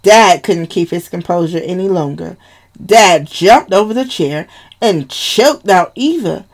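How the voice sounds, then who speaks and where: A woman reading a dramatic family story aloud in an unhurried, expressive storytelling manner. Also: on the low side.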